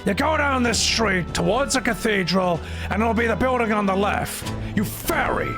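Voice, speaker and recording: Brief: a man doing a loud, gruff idle townsman, drawling, pitched up, game music behind. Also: normal speed.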